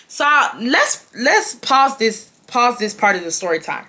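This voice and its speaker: Brief: woman in her twenties, YouTube storytime, bright voice, animated, repeats herself for emphasis. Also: a little high, a little slow. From Houston, Texas. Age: 20s. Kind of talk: casual storytime.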